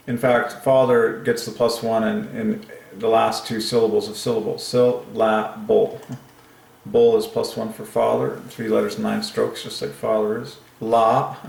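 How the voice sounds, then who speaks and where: A man speaks slowly and haltingly, with plenty of fillers and the odd soft laugh as he thinks aloud. His voice sits a little low and has a heavy gravelly fry. The recording has a noticeable room echo. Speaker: channel host. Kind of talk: thinking aloud while working through letter counts.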